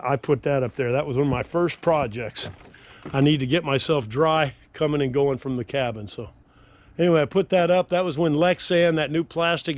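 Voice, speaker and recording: An older man films himself outdoors on a handheld action camera for a casual vlog, touring his lakeside yard as a homeowner and rambling in a folksy, grumbling way. His voice is mid-range, and there is no echo.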